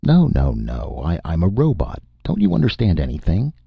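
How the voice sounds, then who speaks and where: Man voicing a pedantic tipsy robot, very low voice, gravelly. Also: huge pitch swings, moderate pace, dry recording, lo-fi sound, exaggerated voice. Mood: pompous. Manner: pedantic, slurring after the jolt. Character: pompous tipsy male robot from the future.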